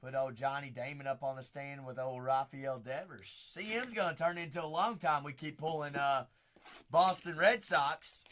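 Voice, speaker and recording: A man hosting a live card break, calling out players and teams as he opens packs, chatting with viewers by name and shouting on big pulls. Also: mid-range voice, normal speed. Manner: chats with viewers by name between cards.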